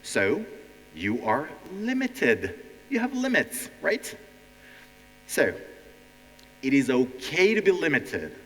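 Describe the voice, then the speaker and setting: A man's voice: a little high, wildly swooping pitch, takes it slowly, pauses often, fairly bright tone. A man with a Ukrainian accent hosting a stand-up style language lesson, addressing a live audience directly and acting out nervous learners. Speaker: language teacher and show host. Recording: hall reverb.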